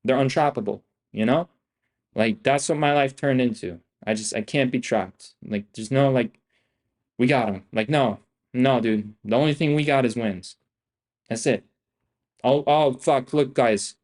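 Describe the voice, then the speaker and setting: A man's voice: medium pitch, measured pace, a little mellow. A young man giving casual live-stream trading commentary, hyped and profane, full of slang and repetition as he talks to his viewers. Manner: hyped, profane, slangy, repeats himself, calls viewers "bro" and "guys". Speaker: day trader streaming live.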